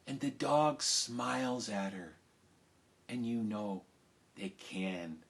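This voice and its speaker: A man telling a story to children live, animated, swinging between loud cheering and hushed asides. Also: mid-range voice, takes it slowly.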